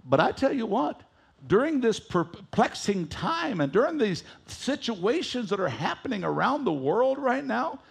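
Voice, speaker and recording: A man's voice: very high voice, big pitch swings, measured pace, vocal fry, breathy edge. A male preacher delivering a sermon. He reads scripture aloud and leads the congregation in reading it back with him.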